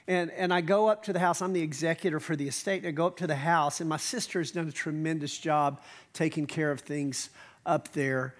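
A male pastor, giving a conversational sermon with asides and slow emphatic phrases. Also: fairly high pitch, fairly even intonation. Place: church stage.

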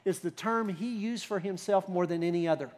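Pastor, male, higher-pitched voice; conversational sermon, rhetorical questions, builds to emphasis. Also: a little fast, a little mellow.

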